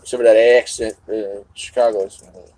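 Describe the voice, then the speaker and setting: A man's voice: lowish voice, level tone, normal speed, darkish tone, low-quality recording. A man hosting a live stream, rambling to his chat while eating, swearing casually as he goes. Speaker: livestream host.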